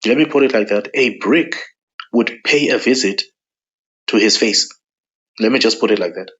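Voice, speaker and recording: Forceful man, lo-fi. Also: lowish voice, normal speed. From South Africa. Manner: forceful, repeats lines for emphasis. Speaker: political commentator. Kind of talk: angry monologue to camera.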